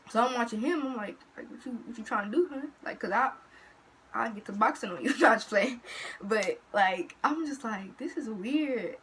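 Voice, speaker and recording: A teenage girl telling a story in a casual, slangy, animated way to her vlog audience. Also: mid-range voice, slight background noise, poor audio. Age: teens. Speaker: vlogger.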